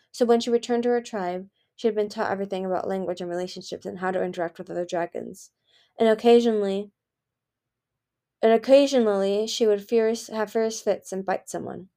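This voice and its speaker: Lady reading a book chapter out loud, bit of vocal fry, gets louder and higher on the dialogue. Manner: reads briskly, raising pitch and volume for dialogue. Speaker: fan reader of a novel. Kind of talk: audiobook-style chapter reading with character voices.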